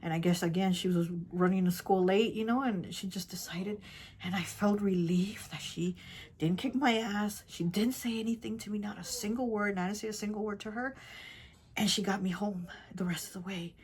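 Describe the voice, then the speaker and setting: A woman tarot reader telling a personal story in casual chat, rambling and repeating herself, often dropping to a soft, hushed voice. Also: medium pitch, moderate pace, slight background noise. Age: adult with children. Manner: rambling, repeats herself, many "like" and "you know".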